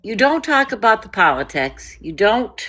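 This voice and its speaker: A woman's voice: mid-range voice, big pitch swings, moderate pace, pushed and bright. A woman with a mid-range voice joins a livestream as a guest. She talks bluntly and is critical of the host. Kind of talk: critical call-in remarks.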